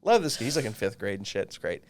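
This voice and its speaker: A man in his thirties telling a long personal story in casual chat, animated and swearing freely. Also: lowish voice, quick pace, slight background noise. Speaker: podcast co-host.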